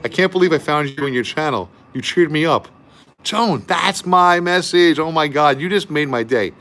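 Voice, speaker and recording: A man's voice: a little high, animated, normal speed, a bit bright. A man hosting a live music stream, chatting effusively between songs and reading viewer comments aloud.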